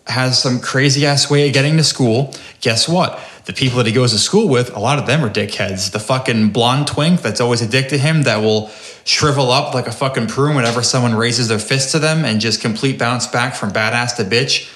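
A man's voice: medium pitch, normal speed, fairly bright tone. Profane ranting man in a roomy echo. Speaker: podcast host. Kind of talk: casual podcast rant.

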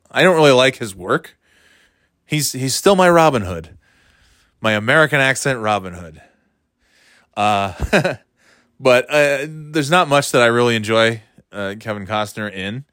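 A man's voice: medium pitch, fairly bright tone, dry recording, studio quality. A man chatting casually on his own, rambling and wry, with a candid, offhand way of talking. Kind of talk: casual solo chat.

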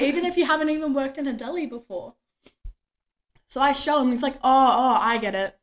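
A young woman, chatting casually as a podcast co-host and acting out quoted lines from her workday. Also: sits high. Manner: chatty storytelling, acts out quoted dialogue. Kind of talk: casual chat.

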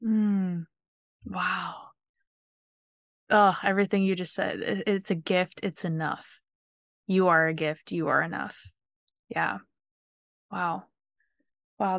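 A woman's voice: lowish voice, steady tone, slow, vocal fry, pauses often, fairly bright tone, no room sound, clean studio sound. A woman hosting a podcast, talking earnestly and emotionally with many restarts and repeated words. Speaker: podcast host. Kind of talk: heartfelt podcast conversation.

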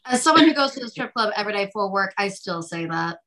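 A young woman speaks as a podcast guest in relaxed chat, blunt and wry. Her voice has a bright, sharp edge and sits at a middle pitch. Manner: blunt, wry, quick quips. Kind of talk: casual chat.

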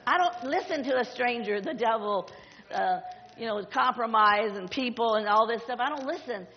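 A woman's voice: a little high, lively intonation, normal speed, a little hiss or hum. A middle-aged woman pastor preaching a sermon, emphatic and exhorting, often repeating her phrases. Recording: dull audio with long hall reverb.

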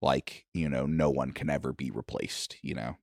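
Deep-voiced animated game master, man. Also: moderate pace, gravelly, no room sound, studio quality. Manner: animated, loose and chatty. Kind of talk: narrating a tabletop game.

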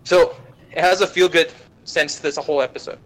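In a rough recording, a young man whose voice runs on the high side recounts an anime plot as a podcast guest. His retelling is animated and full of swearing, with quick voices put on for the characters.

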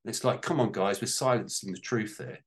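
A man's voice: on the low side, fairly quick. A man on a panel talking about a personal change in a heartfelt, rambling way, close to tears at times. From United Kingdom. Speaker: guest on a panel. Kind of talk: emotional personal testimony.

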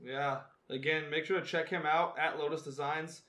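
A man's voice: on the high side, steady tone, moderate pace, pushed and bright. A man in his twenties co-hosting a podcast, telling rambling stories in casual chat, laughing often and swearing freely. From Northern California. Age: 20s. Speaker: podcast co-host.

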